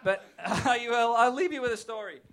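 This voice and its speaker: A man's voice: very high-pitched, moderate pace, creaky, fairly bright tone. An English man, a stand-up comedian, talking wryly and self-deprecatingly with profane humor. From England. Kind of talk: stand-up set and casual interview.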